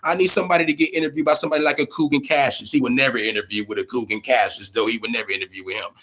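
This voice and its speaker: A man hosts a boxing podcast in a mid-range, steady, fairly bright voice that races along, with a little hiss or hum in the audio. His casual live-stream commentary is loose, profane and emphatic, aimed directly at chat viewers, with words repeated as he builds up steam.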